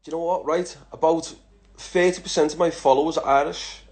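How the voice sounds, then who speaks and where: A man's voice: a little high, steady tone, a little fast, a little mellow. A man from England in his thirties, answering follower questions in a casual chat, blunt and swearing, often calling people lad. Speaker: social media personality answering follower questions.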